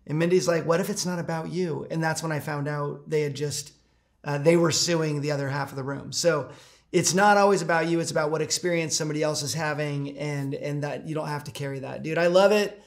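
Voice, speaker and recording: A man's voice: on the high side, steady tone, brisk. A man hosting an interview in casual chat, enthusiastic and upbeat. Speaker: host.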